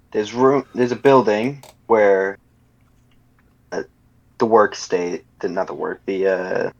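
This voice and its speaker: A man's voice: lowish voice, full character voice. A man playing a stern gang boss, lo-fi. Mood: persuading. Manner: stern, rambling, with self-corrections. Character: commanding male gang boss, stern and threatening.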